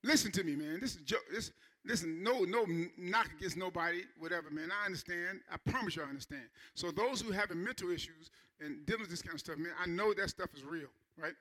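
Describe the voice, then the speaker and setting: A man preaching a Sunday sermon, emphatic, repeating key phrases and asking the congregation questions. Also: high-pitched. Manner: animated preacher, slows down to stress key lines. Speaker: pastor.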